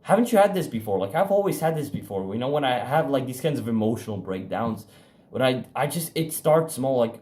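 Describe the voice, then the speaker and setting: A young man talks self-improvement to his audience in a frank, unpolished way. His sentences ramble and restart, salted with swearing and fillers. His voice sits at a middling pitch and punches key phrases for emphasis. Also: animated, darkish tone. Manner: emphatic, speeds up and slows down for stress. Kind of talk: casual motivational monologue.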